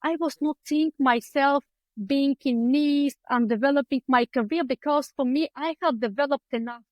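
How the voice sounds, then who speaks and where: High-voiced woman with Eastern European accent. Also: moderate pace, no room sound, highs cut off. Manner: chatty, acts out her own past thoughts, many fillers. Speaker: guest, clinical psychologist. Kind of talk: conversational interview storytelling. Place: home room lined with books. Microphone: video call.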